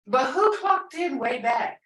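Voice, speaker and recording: Slow-talking woman teacher in echoey room. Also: high voice, very animated, a bit bright, far from the mic. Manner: repeats phrases, explains words patiently. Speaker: language teacher. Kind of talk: classroom lesson.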